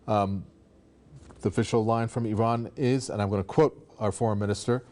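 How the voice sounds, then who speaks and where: A male interviewer with a fairly low voice, putting questions to a guest on a news program. His delivery is hesitant and full of fillers as he frames each question. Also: fairly even intonation, normal speed, darkish tone.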